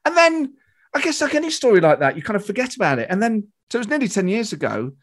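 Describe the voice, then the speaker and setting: A man's voice: high voice, fast talker. A man from Britain, a comedian guest telling an anecdote in a casual chat, acting out quotes and swearing freely. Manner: lively anecdote teller who acts out quotes, swears freely. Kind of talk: animated storytelling in casual chat.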